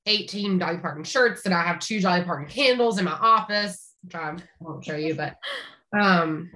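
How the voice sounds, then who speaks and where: Bright-voiced woman from Appalachia. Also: fairly low pitch, normal speed. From rural East Tennessee, Appalachia. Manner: chatty, upbeat, frequent restarts and laughs. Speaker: veterinarian, podcast guest. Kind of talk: casual interview chat.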